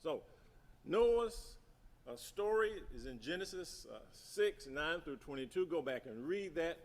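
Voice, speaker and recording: A man's voice: fairly high pitch, lively intonation, unhurried. A middle-aged man giving an emphatic teaching talk at a seminary gathering, repeating key points and asking the audience questions. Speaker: speaker at a seminary symposium. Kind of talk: teaching talk on church projects.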